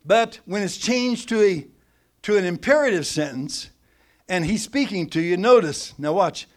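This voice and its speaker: Fairly high-voiced man preaching a lively sermon. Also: moderate pace. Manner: animated teaching with grammar examples, shifting between loud and soft.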